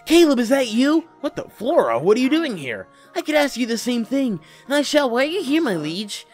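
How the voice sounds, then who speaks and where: Casting: a man playing a shrill, indignant young woman, pitched very high. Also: big pitch swings, a little fast, faint music behind, heavily acted. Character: haughty young woman, chief's daughter.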